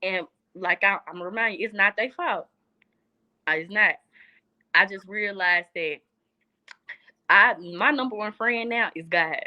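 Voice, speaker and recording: The recording has its highs cut off as a young Southern US woman, appearing as a guest, talks earnestly in a relaxed chat. Her mid-range voice moves a little slowly with long pauses, and she repeats phrases for emphasis.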